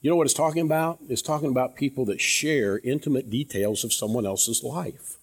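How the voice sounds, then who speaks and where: A male pastor preaching a sermon to his church in an earnest, conversational way, often dropping to quiet, low tones and asking the congregation questions. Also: a little fast, slightly rough. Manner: conversational, repeats words, asks the congregation questions.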